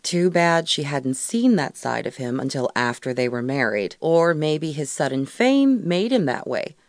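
A woman narrating a romance audiobook in an expressive storytelling voice, close to the mic. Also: deep voice, measured pace, no room sound. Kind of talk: scripted narration.

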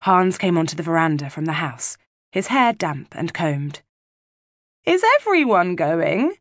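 A woman narrating a novel as an audiobook reader, measured and even, close to the mic. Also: deep voice, no echo. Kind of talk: scripted narration.

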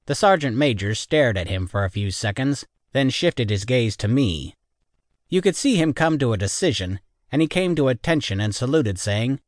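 A man's voice: medium pitch, animated, normal speed, no room sound, clean studio sound. A man narrating a military science fiction audiobook in the first person, wry and matter-of-fact.

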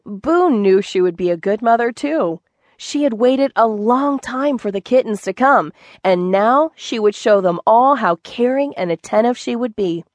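A woman narrating a children's book in a gentle, clear storytelling manner. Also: a little high, animated, a little slow, no echo. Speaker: audiobook narrator.

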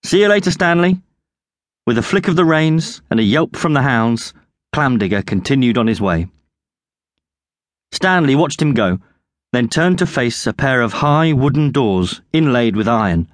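Man narrating a lively children's story. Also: medium pitch, normal speed, dry recording, studio quality. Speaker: audiobook narrator and author.

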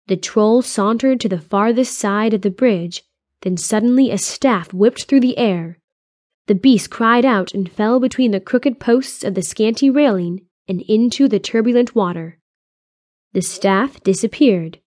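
A woman narrates a fantasy adventure in a steady, even storytelling voice, pitched at a middle level. The recording is close and dry, with no room sound. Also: measured pace, no echo. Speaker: audiobook narrator. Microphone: close studio mic.

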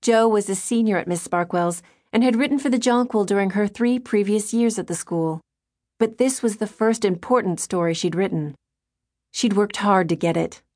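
A woman reading a novel aloud as an audiobook narrator, in a measured storytelling manner. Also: medium pitch, a little mellow. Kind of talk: scripted narration.

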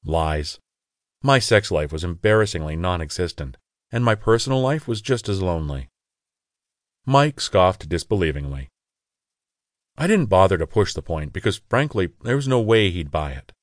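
A man's voice: deep voice, lively intonation, normal speed, dry recording. A man reading a first-person audiobook in an intimate, confessional way, on a close studio mic. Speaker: audiobook narrator.

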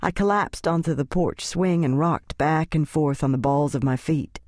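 A woman narrating an audiobook in gentle, measured storytelling. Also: low voice, no room sound. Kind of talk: scripted narration.

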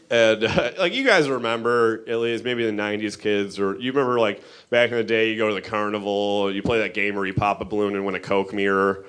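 A man from Chicago doing a stand-up comedy set, rambling loosely and jumping up in pitch for quoted rants. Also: fairly bright tone.

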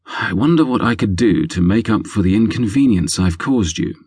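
Audiobook figure: man doing a cocky, purring young lover, low husky voice, dry sound. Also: expressive, moderate pace, darkish tone, no echo. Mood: teasing.

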